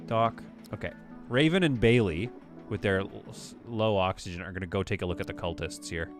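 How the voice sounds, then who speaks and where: A man's voice: low-pitched, a little fast, music in the background. A man streaming a space-building game, chatting casually, rambling, and reading viewer messages aloud. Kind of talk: casual live-stream commentary.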